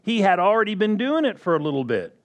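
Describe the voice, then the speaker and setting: A man preaching a sermon slowly and emphatically, often asking the congregation questions. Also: high voice, sing-song.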